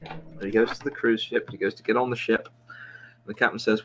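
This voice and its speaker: A man's voice: fairly low pitch, fairly even intonation, normal speed, a little hiss or hum, rough recording. A man, a podcast host, telling a long, rambling joke with plenty of restarts and jokes at his own expense. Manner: rambling, self-mocking storyteller with frequent restarts. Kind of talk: casual joke telling among friends.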